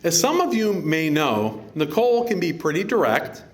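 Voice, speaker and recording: A man's voice: fairly high pitch, moderate pace, slight background noise. A middle-aged man, father of the bride, giving a joking wedding reception speech and teaching the guests a greeting. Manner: lively, teaching the crowd a Greek greeting, joking. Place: outdoor wedding reception venue.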